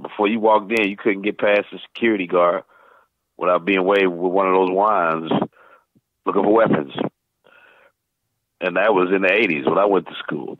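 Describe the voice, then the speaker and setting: Man, 50s, from Saint Louis, very deep, dry phone-line sound, lively impressions. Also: no echo. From Saint Louis, USA. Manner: animated, tosses in quick voice impressions. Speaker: voice actor guest. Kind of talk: casual storytelling interview. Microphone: phone call.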